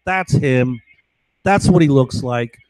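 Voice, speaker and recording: A man's voice: medium pitch, slow pace, a little mellow, no room sound, poor audio. Agitated, profane man ranting live. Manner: agitated, profane, repeats "right?" and "okay?". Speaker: livestreamer. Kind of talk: rambling live monologue. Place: at home, indoors. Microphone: microphone.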